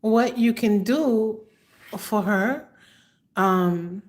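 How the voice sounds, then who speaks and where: Woman in her fifties, tarot reader, live stream, very slow, halting, soft-spoken. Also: medium pitch. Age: 50s. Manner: slow, halting, emotional, many fillers. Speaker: tarot reader hosting a livestream. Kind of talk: live-stream chat answering viewers.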